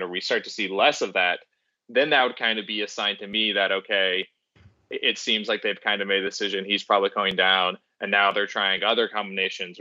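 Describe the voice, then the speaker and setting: A man's voice: lowish voice, bright, forceful tone, no echo, highs cut off. A man co-hosting a hockey podcast in casual chat, rambling with many fillers and restarts. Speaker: podcast co-host.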